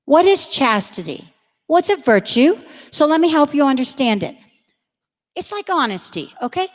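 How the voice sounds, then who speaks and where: A middle-aged woman with a high voice speaks to confirmation students in a large church. Her delivery is direct and full of stories, and she calls out to the crowd. The sound carries a long reverb from the hall. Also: big pitch swings, moderate pace. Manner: direct, storytelling, addresses the crowd. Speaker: religious education speaker.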